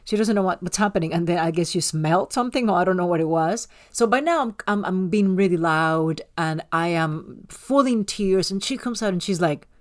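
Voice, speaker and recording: A woman co-hosting a podcast, chatting casually and telling stories in an animated way with frequent restarts. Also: lowish voice, a little fast, few pauses. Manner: animated storyteller, many restarts. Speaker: podcast co-host. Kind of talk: casual chat.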